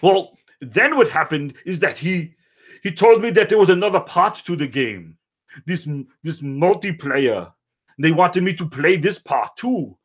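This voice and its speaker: A man's voice: a little high, lively intonation, a little slow, husky, heavily acted. A man doing a crude, rambling action star. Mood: amazed rambling. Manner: rambling, crude, bursts into shouting and sing-song. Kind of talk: comedic parody interview.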